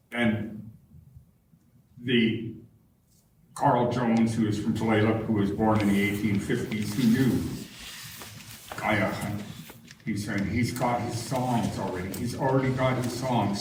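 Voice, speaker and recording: Man telling a story in a very echoey hall. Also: mid-range voice. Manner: meandering, conversational, self-restarting. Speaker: guest speaker. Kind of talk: personal storytelling to a live audience. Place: large barn hall. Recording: very echoey hall, distant mic, faint noise.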